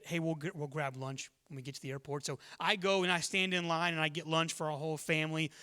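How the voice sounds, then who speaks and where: A pastor from Texas preaching a sermon in a conversational, energetic storytelling manner. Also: male voice, fairly high pitch. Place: church.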